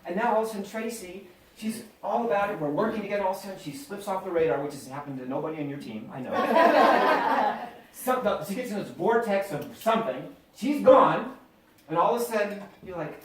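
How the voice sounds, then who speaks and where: A middle-aged man giving an animated, chatty motivational talk to a live audience, acting out bits of dialogue. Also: sits high, fairly quick. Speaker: motivational speaker. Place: event hall with audience. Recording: echoey room, voice from a distance.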